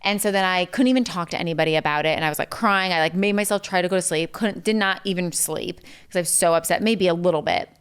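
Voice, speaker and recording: A woman's voice: fairly low pitch, quick pace, hardly any pauses, clean tone. A young woman telling a story as a podcast guest, chatty, full of "like" and "um", acting out what others said. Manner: chatty, lots of "like" and "um", acts out quotes. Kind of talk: casual storytelling interview.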